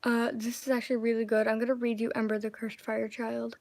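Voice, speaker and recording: A woman's voice: on the high side, level tone, brisk, vocal fry, a little mellow, dry recording. A young woman chatting casually as she introduces her own old writing to read aloud. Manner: chatty, amused, reading aloud. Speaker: vlogger.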